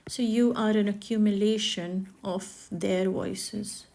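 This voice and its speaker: Soft gravelly woman musing while she draws. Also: mid-range voice, fairly even intonation, slow pace. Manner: gentle, reflective, slips into soft whispers and quoted nagging voices. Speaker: art healer and spiritual speaker. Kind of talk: reflective spoken monologue while drawing.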